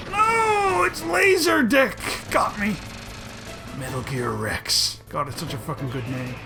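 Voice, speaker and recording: A man giving excitable, profane gameplay commentary, often breaking into loud outbursts, over game music. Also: on the high side. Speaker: let's play host.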